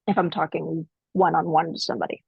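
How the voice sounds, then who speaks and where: A woman co-hosting a podcast, telling stories in casual chat and acting out quotes in high voices. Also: quick pace, creaky, slightly rough, no room sound, highs cut off. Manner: animated storyteller, acts out quotes in high voices. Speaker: podcast co-host.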